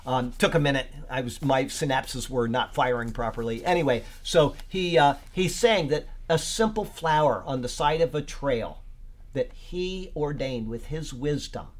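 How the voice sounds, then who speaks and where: A man's voice: medium pitch, moderate pace. A man leading a podcast Bible study, rambling and searching for words with many fillers, then reading aloud and leaning hard on key words.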